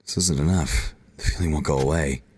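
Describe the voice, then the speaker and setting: A man's voice: extremely low pitch, fairly even intonation, a little fast, darkish tone, slightly rough, no room sound, pitched below the performer's own voice. A man reading aloud as a shy, anguished teenage girl narrating a visual novel, voicing her with emotional outbursts. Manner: reads emotionally, rising to pleading outbursts.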